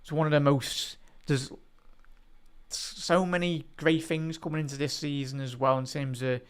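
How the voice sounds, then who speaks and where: A man hosting a live football watch-along, chatting to viewers and shouting out at goals. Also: a little high, level tone, measured pace, smooth. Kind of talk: live match reaction and chat.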